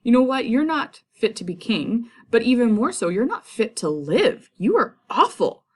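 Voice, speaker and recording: A woman voicing Macduff, an exasperated nobleman who pleads and then rages in a raised, loud voice. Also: medium pitch, moderate pace, vocal fry. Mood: furious.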